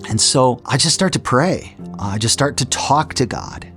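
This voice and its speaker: Soft music runs beneath a middle-aged man who tells his own testimony in an earnest, story-like way, restarting often. His mid-range voice is animated, yet he keeps a measured pace.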